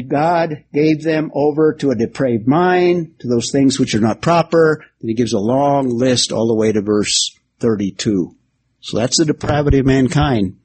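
Male preacher, mid-pitched, expository teaching with light banter, faint room noise. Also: a little mellow. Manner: expository, uses a whiteboard and alliteration, jokes with the class. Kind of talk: sermon-style Bible teaching.

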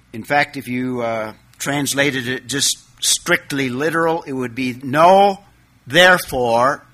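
A man delivers a teaching sermon at an unhurried, measured pace. His voice has a bright, forward edge. He leans hard on single words to drive each point home. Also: on the high side. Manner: teaching, stressing key words; slow and deliberate. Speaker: preacher. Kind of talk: expository sermon.

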